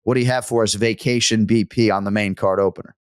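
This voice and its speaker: A man's voice: on the low side, fairly even intonation, quick pace, clean tone, dry recording, clean studio sound. Man in profane podcast banter. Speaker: podcast co-host. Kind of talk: casual sports podcast chat and read ad.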